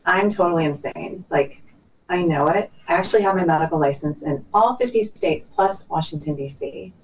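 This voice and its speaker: Low-voiced, joking woman doctor on a distant mic. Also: normal speed, a little hiss or hum. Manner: chatty, jokey and self-deprecating. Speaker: fertility doctor guest. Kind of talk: casual podcast interview.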